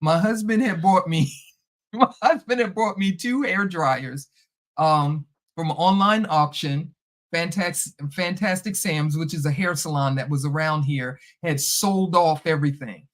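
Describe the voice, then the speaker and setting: Animated woman telling a story. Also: deep voice, unhurried. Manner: animated, acts out past conversations. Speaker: podcast host. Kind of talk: casual storytelling monologue.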